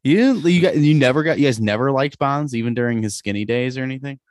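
A man's voice: mid-range voice, animated, fast, a little mellow, no room sound, studio quality. A man hosting a casual sports podcast, joking and laughing often as he leads the chat. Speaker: podcast host.

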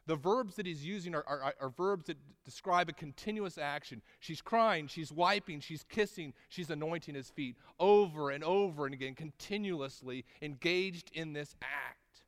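Sermonizing male pastor, fairly high voice. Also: a bit bright, long reverb tail. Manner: storytelling, rising in pitch and volume at dramatic moments, slowing for emphasis; conversational with tag questions and restarts.

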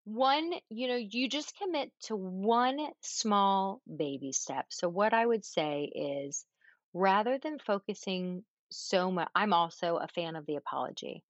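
A woman parenting coach giving advice in casual conversation, animated, demonstrating calming breaths with audible sighs. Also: medium pitch, measured pace, no room sound, lo-fi sound.

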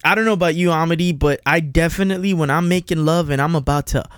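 A man co-hosting a casual football podcast, lively and joking. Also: quick pace, clean tone, no room sound, clean studio sound. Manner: lively, joking, swings in pitch. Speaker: podcast co-host.

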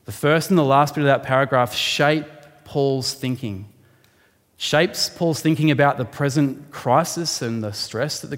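A man preaching from the pulpit, his mid-range voice carried by the long reverb of a large hall. He explains scripture in an animated way and climbs high for emphasis, then settles back into steady teaching. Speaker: pastor. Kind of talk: sermon.

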